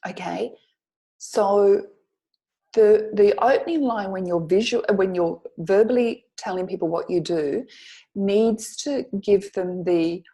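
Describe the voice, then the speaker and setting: A middle-aged woman coaching business owners in a lesson to camera. Her voice is mellow and warm, at an everyday middle pitch. She encourages her listeners and keeps checking in with a quick "okay?" or "right?".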